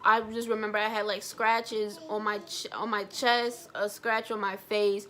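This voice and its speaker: Young woman vlogger, blunt and animated, bright voice. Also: mid-range voice, measured pace. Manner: blunt, animated, swears freely. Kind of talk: storytime vlog.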